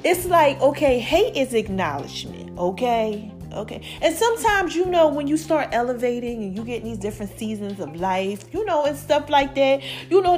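Brief: high-voiced woman host, chatty monologue, faint music under. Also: darkish tone. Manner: chatty, drawn-out, affectionate asides. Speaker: podcast host. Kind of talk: casual podcast monologue.

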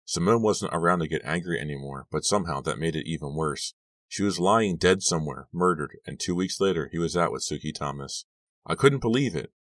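A man narrating a first-person audiobook in a steady, even storytelling manner. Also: rumbling low, fairly quick, no echo, studio quality, recorded from a distance.

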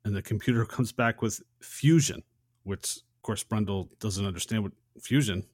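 A man's voice: fairly low pitch, normal speed, a little mellow, no echo, studio quality. A man co-hosting a podcast, recapping a film scene in a casual chat with long chains of "and". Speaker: podcast co-host.

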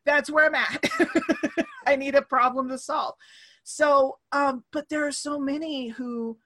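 Woman host, 30s, high bright voice, lively chat on a call. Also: slow pace. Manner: animated, acts out quoted voices. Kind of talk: casual conversation. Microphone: remote call.

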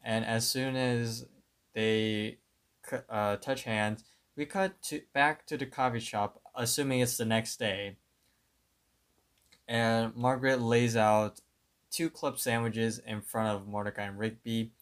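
A man's voice: mid-range voice, steady tone, smooth. A man co-hosting a podcast, retelling a cartoon episode in a plain, step-by-step way. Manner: unhurried, plain play-by-play retelling. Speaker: podcast co-host. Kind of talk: casual episode recap.

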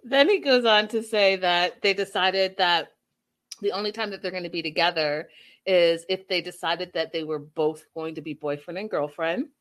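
Lowish and at normal speed, a woman's voice recaps a reality show episode in a casual way. She reads viewer comments and acts out what people said, animated and full of sass on the side.

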